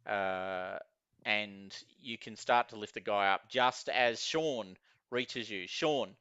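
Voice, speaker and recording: Rambling game master man, bright dry voice. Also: fairly low pitch, takes it slowly, smooth, dry recording, muffled recording. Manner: rambling, filler-heavy narration. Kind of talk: narrating a tabletop game.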